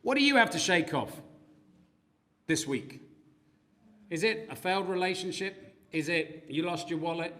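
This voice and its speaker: A man's voice: high voice, normal speed, long pauses. A man preaching a sermon in a church, telling stories with acted-out quotes. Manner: animated storytelling with acted quotes.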